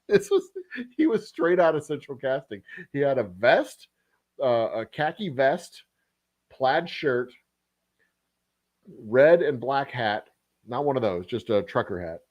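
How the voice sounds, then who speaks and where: A man's voice: mid-range voice, expressive, unhurried, dry recording, dull audio. Rambling, cussing man spinning a yarn. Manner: rambling, profane, chuckling. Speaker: distillery host. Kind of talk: casual storytelling on a livestream.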